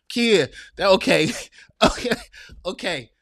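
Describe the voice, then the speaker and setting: A middle-aged man preaches to his listeners in loose, slang-filled talk and reads their comments aloud. His voice sits a little high for a man. The sound is dry and close, with no room around it. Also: fairly bright tone, no echo. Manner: preachy, laughs a lot, drawls with slang. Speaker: podcast host reading live chat. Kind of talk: casual live-stream commentary.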